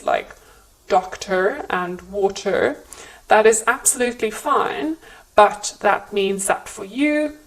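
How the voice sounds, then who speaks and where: A woman reads a scripted lesson on English pronunciation, spelling out each point clearly and with care. She speaks slowly and deliberately, in a voice of middling pitch. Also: rough recording. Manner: clear, measured teaching delivery.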